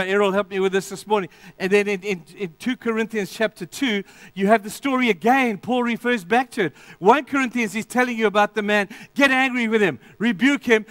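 A man preaching a sermon, addressing the congregation directly, swinging between emphatic declarations and quiet, intense asides. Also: high voice, no echo. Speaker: pastor.

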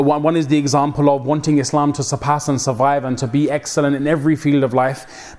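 A young man delivers a mosque sermon. His voice sits a little high and he keeps it conversational, mixing slang into the preaching. He acts out the people he quotes. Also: darkish tone. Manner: code-switches with slang, dramatic quoted voices. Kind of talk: mosque talk.

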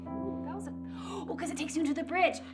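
A Canadian woman co-hosting a casual piano live stream, bubbly and easily sidetracked. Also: high voice. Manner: bubbly and excitable, quick to get sidetracked. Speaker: piano teacher and co-host. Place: indoors at a piano.

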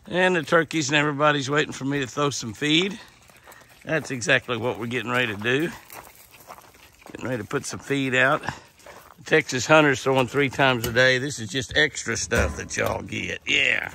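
A man's voice: medium pitch, normal speed, gravelly, bright, forceful tone, slight background noise. A man narrating a casual ranch vlog outdoors, chatting to his animals as he feeds them. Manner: chatty, talks to the animals while feeding them. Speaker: ranch owner.

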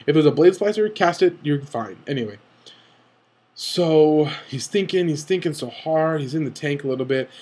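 Excitable young man breaking down a game. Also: a little high. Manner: eager, rambling, often rushes and self-corrects. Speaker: card game video commentator. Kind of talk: excited game analysis commentary.

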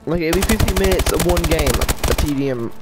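A man's voice: on the high side, fairly quick, very noisy. A man giving rambling, frustrated gameplay commentary in a whiny tone. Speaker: gaming YouTuber.

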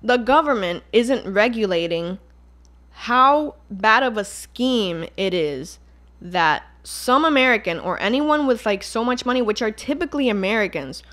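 A young Puerto Rican woman with a Puerto Rican accent and a voice that sits a little high. She hosts her solo podcast in an exasperated, fired-up tone. She swears freely and slips Spanish into her English. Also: a bit bright. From Puerto Rico. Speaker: podcast host. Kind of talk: casual solo podcast rant.

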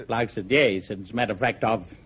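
A man's voice: lowish voice, brisk, husky. An Australian man telling a long joke, spinning it as a yarn full of broad slang. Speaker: comedian.

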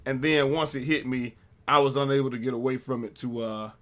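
A young man giving casual gameplay commentary with friends, joking, swearing a lot and breaking into loud yells when the action picks up. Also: mid-range voice, steady tone, fairly quick. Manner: swears a lot and breaks into yelling mid-game; jokey, trash-talking banter. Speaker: gaming commentator.

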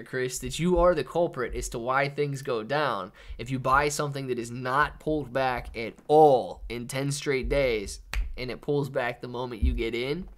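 A young man hosting a live market stream, chatting casually, reading out chat names and calling people man and dude. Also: medium pitch. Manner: casual, reads chat names and shout-outs, says man and dude a lot. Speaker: livestream host.

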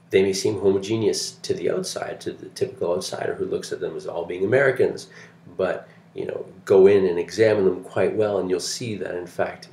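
Low gravelly-voiced Canadian man lecturing. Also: darkish tone, a little hiss or hum. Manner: chatty, digressive, with many fillers and restarts. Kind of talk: recorded online lecture.

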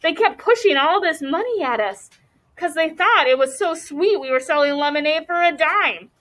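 A woman plays a cocky, joking boy from a storybook. His voice sits fairly high and sounds pleased with himself. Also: expressive, normal speed, fairly bright tone. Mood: gleeful.

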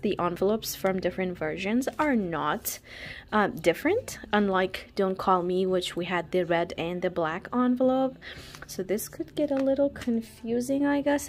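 Gushing young woman, animated voice. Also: mid-range voice. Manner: gushing and dramatic, lots of "like" and "wow", frequent laughs, drops to whispers. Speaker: K-pop fan vlogger. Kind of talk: casual unboxing chat.

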